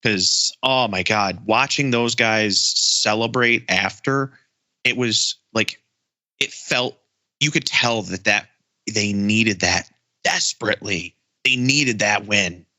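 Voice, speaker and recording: A man co-hosting a sports podcast, talking in excited casual chat with frequent stammered restarts. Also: on the low side, slow pace. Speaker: podcast co-host.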